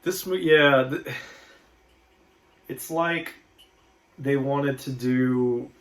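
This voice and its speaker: Animated young man, profane and mocking. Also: medium pitch, drawn-out words. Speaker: movie review podcast co-host. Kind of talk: casual chat.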